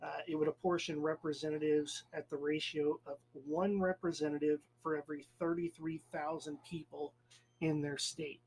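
A man's voice: a little high, little pitch movement, moderate pace, a little mellow, slight background noise, rough recording. A man co-hosting a podcast, casually explaining a history fact in a loose, rambling way with fillers. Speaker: podcast co-host.

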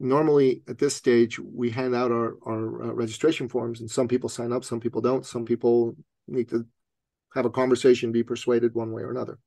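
Gravelly-voiced man telling a story. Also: mid-range voice, brisk, no room sound. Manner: animated storyteller, laughs often, acts out quotes. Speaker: guest. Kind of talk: personal storytelling in conversation.

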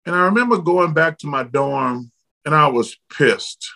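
A middle-aged man from Alabama, a former basketball player telling blunt, lively stories as a guest in an interview. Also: fairly high pitch, unhurried, vocal fry, rough recording. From Alabama, United States. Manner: lively, blunt storyteller, casual slang. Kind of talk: candid storytelling in an interview.

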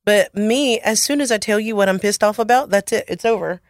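A woman's voice: medium pitch, brisk, no room sound, studio quality. A woman co-hosting a podcast, chatting in a laid-back way and laughing easily. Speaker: podcast co-host. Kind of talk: casual chat.

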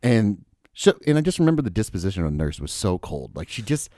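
Speaking fast in a lowish voice, a podcast host is captured in echo-free, studio-quality audio. He tells his story casually and with animation, peppering it with swearing and reenacted dialogue.

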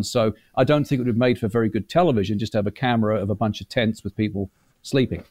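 A man guest telling long, lively anecdotes in a casual interview, acting out quotes as he goes. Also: lowish voice, quick pace, no room sound. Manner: chatty, animated storyteller, acts out quotes. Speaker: guest, former reality show butler.

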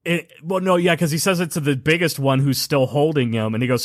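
A man co-hosting a casual podcast, riffing on a movie with animated tangents and frequent laughter. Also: fairly high pitch, brisk, hardly any pauses, dry recording, clean studio sound. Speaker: podcast co-host.

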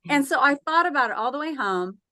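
A woman telling a personal story with lots of life, slipping into the voices of the people in it. Her voice sits a little high, and the recording is close and dry. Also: animated, quick pace, pushed and bright, dry recording. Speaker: podcast guest.

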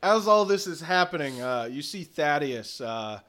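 Brief: game master, man, bright tone, loose and chatty. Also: fairly high pitch, animated, measured pace. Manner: laughs often, loose and chatty. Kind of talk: narrating a tabletop game, casual.

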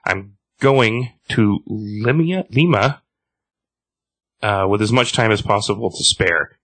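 A man reading aloud the lines of a weary, menacing plant-powered villainess in a flat read-aloud delivery. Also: on the low side, a little slow, dry recording. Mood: calm. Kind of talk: reading comic dialogue aloud.

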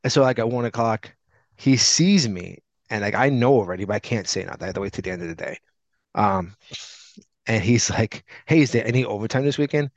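On a podcast, a man whose voice is on the low side talks a little fast as he acts out the characters of a long, wandering anecdote with animated quotes. It's casual conversation, captured in a dry, dull lo-fi recording.

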